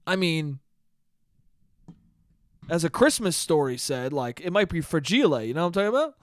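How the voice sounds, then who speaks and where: A man's voice: fairly high pitch, sing-song, normal speed, no echo, studio quality. A man in his twenties hosting a casual solo podcast, rambling through stories, swearing freely and laughing at his own jokes. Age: 20s. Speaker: podcast host.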